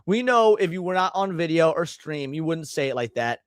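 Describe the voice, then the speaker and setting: A man's voice: fairly high pitch, expressive, a little fast, clear, resonant tone, no echo, clean studio sound. A man hosting a live stream, reacting to clips with blunt, profane, emphatic rants. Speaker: streamer host.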